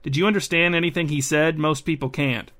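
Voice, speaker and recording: A man's voice: fairly high pitch, fairly even intonation, brisk, a bit bright, natural voice. A man voicing a frazzled, talkative middle-aged mother who rambles, apologizes and over-explains, raising his voice for her. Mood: rambling.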